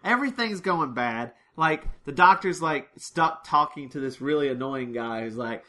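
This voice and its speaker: A woman's voice: low voice, animated, normal speed, few pauses, pushed and bright. A woman co-hosting a podcast, chatting casually and swearing freely as she recaps an episode. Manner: chatty, swears freely, acts out lines in silly voices. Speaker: podcast co-host.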